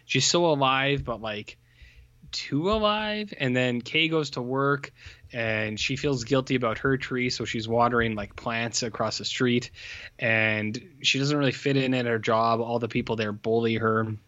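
A man's voice: medium pitch, fairly even intonation, normal speed, sharp tone, dry recording. Man, podcast co-host, rambling profane recap, dry close lo-fi sound. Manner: rambling, filler-heavy, blunt and profane. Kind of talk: casual film recap chat.

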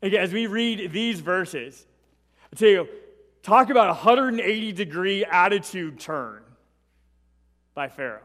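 Conversational preacher in a reverberant hall. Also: male voice, sits high, expressive, unhurried, long pauses, fairly bright tone. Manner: conversational, tags points with "right?". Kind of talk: sermon, Bible teaching.

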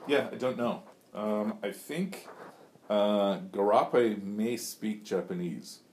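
A man's voice: fairly low pitch, slow pace, a little mellow. A man leading a class discussion of a novel, thinking aloud with hesitations and restarts. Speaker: teacher leading a reading discussion. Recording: faint background noise.

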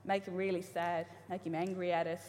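A woman's voice: lowish voice, level tone, brisk, a little mellow, slight background noise. A woman in her thirties giving a casual, humorous sermon to a church congregation, chatty, with frequent ums and restarts. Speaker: preacher. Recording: live church hall reverb, faint ambience.

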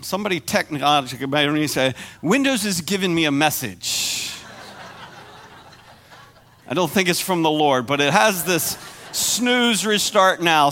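A man giving a conversational sermon as pastor, animated and acting out the voices in the story. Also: on the high side.

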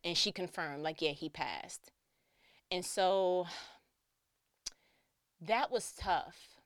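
Animated woman. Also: lowish voice, extremely slow, no echo, studio quality. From New York. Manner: animated, slangy, acts out quoted voices. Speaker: storyteller. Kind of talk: personal storytelling.

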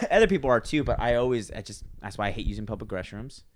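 Fast and sing-song, with a medium pitch, this twenty-something male podcast co-host chats casually on a dry recording. His stories wander, he performs the voices of those he quotes, and he keeps starting sentences over.

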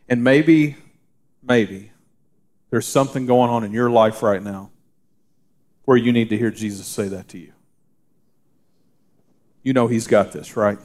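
Folksy pastor preaching casually. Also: male voice, medium pitch. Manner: folksy storytelling with frequent fillers and restarts; drops to a soft, hushed voice for reassurance. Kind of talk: conversational sermon.

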